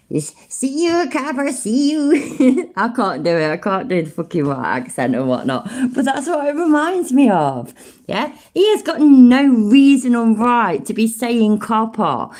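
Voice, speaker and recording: A woman's voice: a little high, darkish tone. A British woman hosting a reaction video, commenting casually in a sweary, sarcastic way and laughing often.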